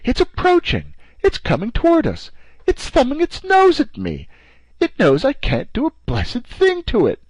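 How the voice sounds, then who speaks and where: A man voicing a brash, excitable Canadian harpooner in an audiobook, loud and boisterous. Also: mid-range voice, normal speed, dry recording. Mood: excited.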